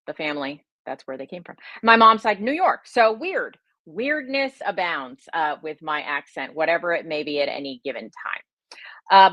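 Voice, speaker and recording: A woman's voice: fairly low pitch, a bit bright, dry recording, highs cut off. A middle-aged woman, a health and wellness coach, chatting casually on a livestream with a slight Southern American twist, rambling and self-deprecating with many fillers. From United States.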